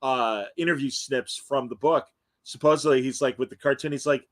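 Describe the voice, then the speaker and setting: A man's voice: medium pitch, fairly even intonation, normal speed, no echo. A man co-hosting a casual chat, enthusiastic and chiming in with facts. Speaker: co-host.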